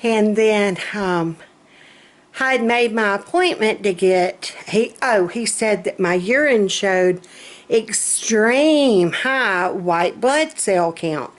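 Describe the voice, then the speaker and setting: A woman's voice: medium pitch, slow pace. A middle-aged woman, chatting in a self-mocking, storytelling way. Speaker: vlogger. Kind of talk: casual chat.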